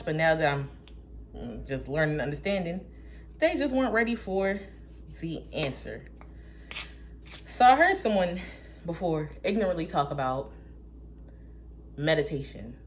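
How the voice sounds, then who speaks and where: A woman vlogging her spiritual thoughts in casual talk. She is blunt and profane, and she swings between loud outbursts and soft whispered asides. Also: deep voice, slight background noise.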